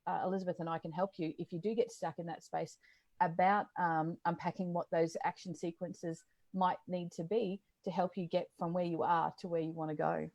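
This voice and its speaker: A woman's voice: on the low side, little pitch movement, fairly quick, darkish tone. Encouraging woman co-host, casual chat. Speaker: co-host and coach.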